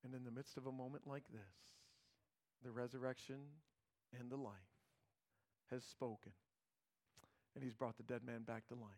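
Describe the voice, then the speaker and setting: A pastor preaching a sermon, retelling a scripture story with earnest emphasis, informal asides and dramatic pauses. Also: male voice, mid-range voice, steady tone, darkish tone.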